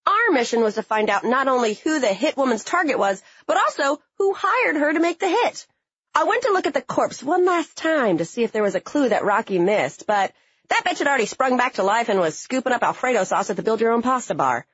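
A young adult woman telling a funny personal story in a sarcastic, blunt and animated way. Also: on the high side, a little fast, breathy edge, no echo, muffled recording. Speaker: narrator.

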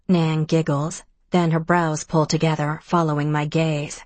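A woman's voice: sits low, little pitch movement, a little slow, a little mellow, no room sound. A woman narrating a first-person novel as an audiobook, giving each character a slightly raised voice in dialogue.

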